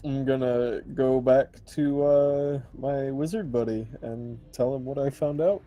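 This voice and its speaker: A man's voice: medium pitch, unhurried, muffled recording, faint music behind. A man playing in a tabletop game, giving laid-back, terse replies. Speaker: player. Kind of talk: casual tabletop play.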